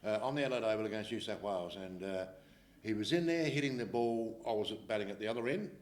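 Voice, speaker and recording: A man's voice: fairly low pitch, fast, darkish tone. Australian man in a roomy echo. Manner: jokey, teasing banter. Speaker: co-host, former cricketer. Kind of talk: casual chat.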